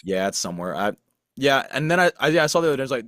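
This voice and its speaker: A man's voice: mid-range voice, very animated, very fast, fairly bright tone, no room sound, studio quality. Young man rambling in casual chat. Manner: rambling, self-deprecating, many restarts and fillers. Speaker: podcast co-host.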